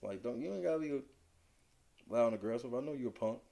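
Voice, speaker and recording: A man's voice: lively intonation, fast, gravelly. A man co-hosting a podcast, giving blunt, profane, slang-heavy commentary on reality TV in a casual chat. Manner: blunt, profane, slangy, swings between low mutter and loud emphatic rants. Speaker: podcast co-host.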